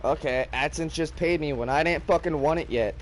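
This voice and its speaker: A man's voice: on the high side, brisk, a little hiss or hum. A young man hosting a gaming livestream, ranting in a heated, profane, casual way.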